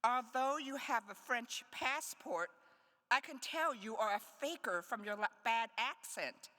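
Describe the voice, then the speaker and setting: A woman poet reads her work aloud at an unhurried pace, her pitch swinging widely through each line. Between poems she drops in playful, wry asides. Her voice carries a long reverb from the hall. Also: expressive, sharp tone. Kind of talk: live poetry reading. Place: conference hall.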